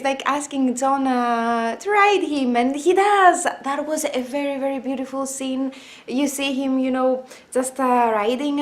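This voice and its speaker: A young woman talking casually about a TV episode, enthusiastic and emotional, with frequent pauses and filler sounds. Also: sits high. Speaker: vlogger.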